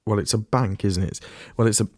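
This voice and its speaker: Man, low voice, rambling podcast chat, self-correcting, dry close sound. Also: fairly even intonation, fast talker, a little mellow, no room sound. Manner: rambling, with frequent restarts and asides. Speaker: podcast host. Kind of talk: casual solo podcast chat.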